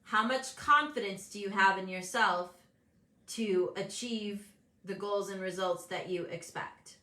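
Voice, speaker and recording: A woman's voice: mid-range voice, unhurried, sharp tone, reverberant. A woman hosting a casual motivational talk show, speaking candidly and animatedly, acting out the voices of people she quotes. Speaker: host and business coach.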